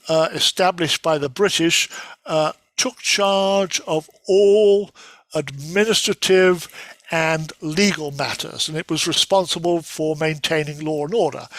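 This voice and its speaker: A man's voice: a little high, sharp tone, no room sound. A man giving a casual lecture from slides, talking conversationally with many fillers and restarts.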